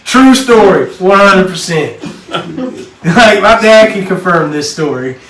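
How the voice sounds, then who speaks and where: A man from Texas, co-hosting a casual podcast chat and telling animated stories. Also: sits high, takes it slowly, gravelly. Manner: storytelling, animated. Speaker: podcast co-host. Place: basement. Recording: echoey room, mic at a distance, faint noise.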